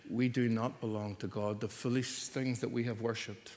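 An older man delivers a sermon at a mid-range pitch. He speaks earnestly and swells to forceful emphasis. His voice carries a long reverb tail, as in a big church hall. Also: level tone, normal speed, few pauses. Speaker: preacher.

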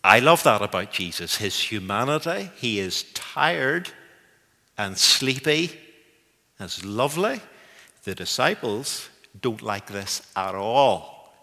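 A man's voice: on the low side, very animated, slow, pushed and bright. A man preaching a sermon in an emphatic way, repeating words to stress them, heard in a reverberant church hall. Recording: long echoing hall reverb.

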